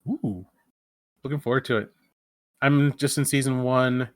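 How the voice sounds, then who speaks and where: A man's voice: mid-range voice, a little slow, dry recording, clean studio sound. A man co-hosting a casual podcast chat, speaking eagerly but hesitantly, with many fillers and restarts. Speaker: podcast co-host.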